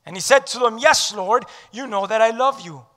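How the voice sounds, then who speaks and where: A male pastor preaching with a high, bright, forceful voice that swings from loud declarations to hushed words. He draws the congregation into call-and-response. His sermon rings out with a long hall reverb. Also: moderate pace. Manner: leads the audience in call-and-response.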